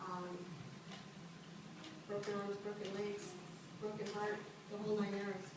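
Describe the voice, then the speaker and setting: A woman's voice: mid-range voice, flat delivery, a little slow. A woman giving an informal, chatty tribute speech at a birthday party, laughing between stories and using frequent ums. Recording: echoey hall, mic far off, party noise.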